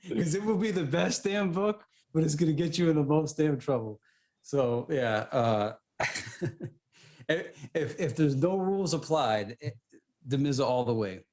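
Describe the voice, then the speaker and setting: A man co-hosting a podcast, telling a story in casual chat with lively restarts. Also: on the high side, measured pace. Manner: animated storytelling, restarts often. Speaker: podcast co-host.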